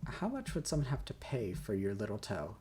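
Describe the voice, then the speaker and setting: A man's voice: lowish voice, wildly swooping pitch, brisk, darkish tone. A tipsy young man hosting a game video, rambling and joking through questions and swearing casually. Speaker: gaming host. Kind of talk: casual Q&A while playing a game. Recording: keyboard and mouse clicks behind.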